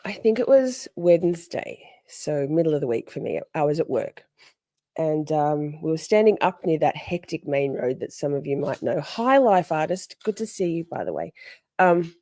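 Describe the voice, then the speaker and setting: A woman hosting a livestream, chatting casually and greeting viewers by name between animated stories. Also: deep voice, no room sound, clean studio sound. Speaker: livestream host. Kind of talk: casual chat with live viewers.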